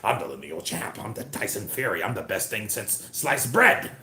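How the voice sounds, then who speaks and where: A man putting on a boastful, mocking boxing champion in a lower, gruffer voice. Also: big pitch swings, moderate pace, reverberant, background noise.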